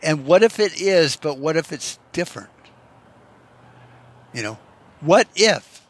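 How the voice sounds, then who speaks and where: A man with a fairly high, animated voice rambles unhurriedly through a casual vlog monologue. He swears a lot and muses aloud with rhetorical what-if questions.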